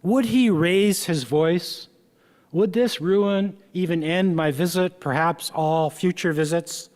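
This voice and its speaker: A man, the author, reading aloud from his memoir in a slow, measured way with small stumbles. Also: sits high, darkish tone. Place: event hall. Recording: long reverb from a hall.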